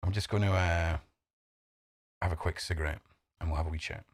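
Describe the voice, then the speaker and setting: A man's voice: deep voice, steady tone, brisk, husky, dry recording, clean studio sound. A man hosting a livestream, talking bluntly and swearing freely as he greets viewers by name. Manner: greets chat members by name. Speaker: livestream host. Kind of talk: casual livestream talk. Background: faint background music.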